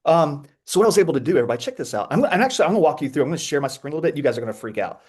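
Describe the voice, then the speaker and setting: Excitable man hosting a webinar. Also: on the high side, rapid-fire, breathy edge. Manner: excitable and playful, with frequent restarts. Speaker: edtech presenter. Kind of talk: energetic webinar talk.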